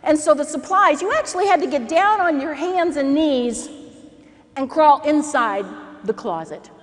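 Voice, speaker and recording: A woman keynote speaker telling a humorous story in an animated way, acting out the people in it. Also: sits high, moderate pace. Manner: animated, acts out characters, laughs through lines. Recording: echoey hall with faint noise.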